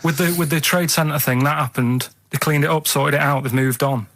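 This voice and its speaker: Rambling man telling halting stories. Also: fairly high pitch, steady tone, a bit bright. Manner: rambling, halting storytelling with many restarts. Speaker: radio show regular. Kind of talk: casual radio chat. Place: radio studio.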